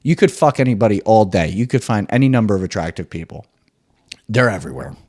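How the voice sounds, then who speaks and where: Animated, foul-mouthed male podcast host. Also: lowish voice, fast. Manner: animated, profane, excitable rambling. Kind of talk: solo podcast rant.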